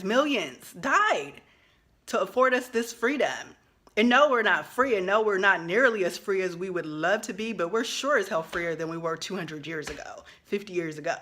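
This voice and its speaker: A woman's voice: fairly low pitch, fairly bright tone. A woman in her thirties, a social worker, giving a passionate vlog monologue, emphatic and swearing freely as she builds to outbursts.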